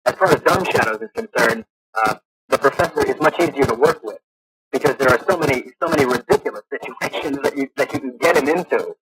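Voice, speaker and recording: A male radio host asks his questions eagerly, stumbling and restarting as he goes. His pitch sits in the middle range. The old broadcast carries a clear crowd murmur behind him. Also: poor audio. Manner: eager, halting, many restarts. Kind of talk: casual interview.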